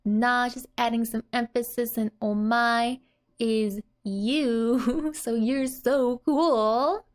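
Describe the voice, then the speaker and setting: A young woman explains a language lesson in a relaxed, casual way and laughs often as she goes. She speaks slowly and deliberately. Her voice sits a little higher than average. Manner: giggles often between explanations. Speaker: language teacher.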